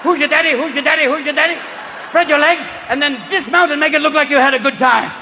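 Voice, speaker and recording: A man's voice: a little high, normal speed, some chatter behind, a little hiss or hum, pitched below the performer's own voice, close to an everyday voice. A man voicing a pushy man who barks out orders for a gymnastics event. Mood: barking. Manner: shouting, barking orders. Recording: live hall with audience.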